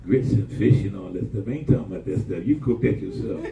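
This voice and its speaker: A man preaching a lively sermon in a church, telling personal stories in a folksy, colloquial way and drawing call-and-response from the congregation. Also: on the low side, quick pace, vocal fry. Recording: dull, distant, roomy church recording.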